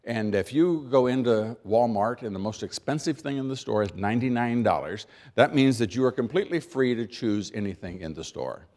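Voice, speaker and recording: An American man giving a keynote speech, emphatic, with dry humor, rhetorical questions and deliberate pauses for effect. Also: mid-range voice, lively intonation, darkish tone. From United States. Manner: rhetorical questions and repeated build-ups. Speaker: keynote speaker.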